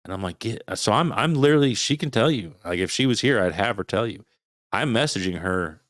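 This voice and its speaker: Deep-voiced man telling a story. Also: expressive, fairly quick, fairly bright tone, no room sound, studio quality. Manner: swears freely, retells his own past thoughts aloud; imitates sounds while telling a story. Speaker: podcast guest. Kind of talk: casual storytelling.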